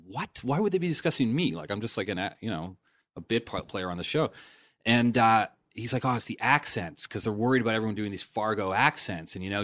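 Canadian man, low voice, dry close mic, rambling anecdotal guest. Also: no echo. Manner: animated anecdote-telling with many fillers. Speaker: actor guest. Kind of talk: casual interview storytelling.

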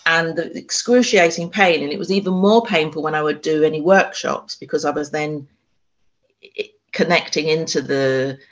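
A woman's voice: low voice, highs cut off. A woman, an author and spiritual medium, telling her story in an interview, with frequent ums and restarts. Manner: halting, many restarts and ums.

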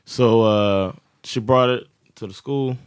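A man's voice: medium pitch, takes it slowly, smooth, dry recording, clean studio sound. A man co-hosting a podcast, telling a story in casual chat and acting out the quotes with lots of laughter. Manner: animated, laughing storyteller who acts out quotes. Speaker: podcast co-host.

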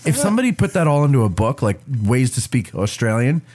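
Chatty, curious co-host with swinging pitch. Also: male voice, big pitch swings, fast talker, a little mellow. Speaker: podcast co-host. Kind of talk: casual podcast banter.

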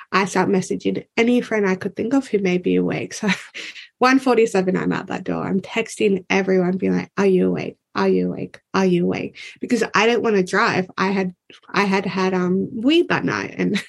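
A woman's voice: mid-range voice, vocal fry, breathy edge. A woman speaking as a podcast guest, telling a personal story in candid conversation and quoting herself and others with "like".

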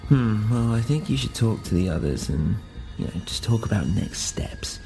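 A soft-spoken doctor breaks bad news with hesitant, measured words, as a man reads him in a story. The voice is deep, dark and gravelly, with faint music in the background. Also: expressive. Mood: gentle.

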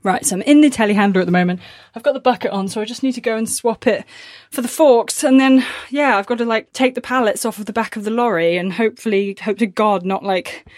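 A woman's voice: a little high, quick pace, darkish tone, no room sound. Woman, rambling farm vlog talk, dry close sound. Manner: chatty, rambling, self-mocking. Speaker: farmer and vlogger. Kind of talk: casual vlog narration. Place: farmyard outdoors.

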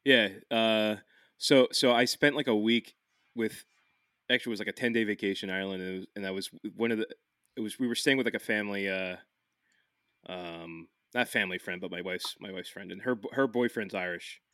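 A man's voice: fairly low pitch, a little fast, a bit bright, dry recording, clean studio sound. Rambling man. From Philadelphia, USA. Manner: rambling, swears freely, many restarts. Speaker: podcast host. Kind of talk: casual podcast chat.

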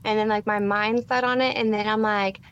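A woman's voice: medium pitch, little pitch movement, brisk, fairly bright tone, muffled recording, slight background noise. A woman in her thirties co-hosting a podcast, chatting animatedly and acting out her own reactions. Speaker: podcast co-host. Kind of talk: casual chat.

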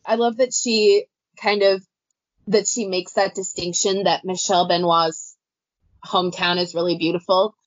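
A woman co-hosting a casual book podcast, rambling with many fillers and quick laughs. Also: fairly low pitch, level tone, no room sound. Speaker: podcast co-host. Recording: dull dry lo-fi audio.

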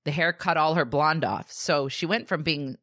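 Low-voiced chatty woman telling a story. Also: moderate pace, no room sound, studio quality. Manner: animated, acts out quoted voices, says "like" and "dude" a lot. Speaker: podcast co-host. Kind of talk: casual storytelling chat.

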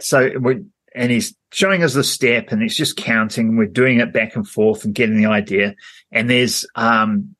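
A man's voice: mid-range voice, a bit bright. A man co-hosting a podcast, telling a rambling story in casual chat with lots of fillers and frequent laughter. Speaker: podcast co-host.

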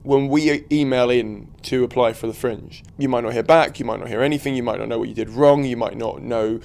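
A man's voice: medium pitch, steady tone, creaky, darkish tone. A man, a performer, interviewing a guest in a friendly, casual chat. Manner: quick, friendly, many fillers and restarts.

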